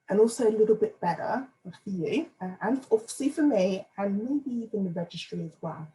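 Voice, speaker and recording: A woman's voice: medium pitch, animated, brisk, hardly any pauses, mellow, slight background noise, rough recording. A woman giving a playful, self-deprecating but earnest candidate speech over a video call. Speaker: candidate for advisory council.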